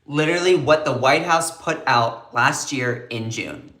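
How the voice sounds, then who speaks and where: A man's voice: medium pitch, unhurried, few pauses, sharp tone, roomy sound. A man hosting a live political commentary stream, emphatic and prone to repeating phrases.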